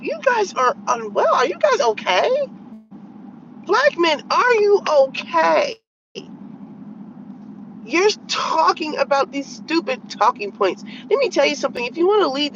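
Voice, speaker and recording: Speaking at a moderate pace, a woman tells an exasperated, blunt story for her opinionated commentary vlog. She animatedly replays her retorts, her pitch jumping sharply as she quotes herself. The highs are cut off, and there's slight background noise.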